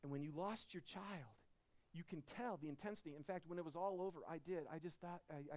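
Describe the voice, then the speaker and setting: A man in his thirties preaching a Christmas sermon in a church, telling a personal story with animated swings between loud, excited passages and hushed, quiet ones. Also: on the high side, moderate pace. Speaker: pastor.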